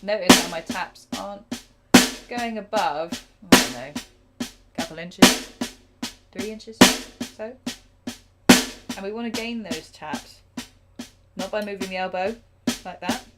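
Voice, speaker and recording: A woman teaching a live drum lesson, chatty and self-deprecating, counting beats out loud. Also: mid-range voice, a little slow, pauses often, over loud music. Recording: drum kit playing loudly behind.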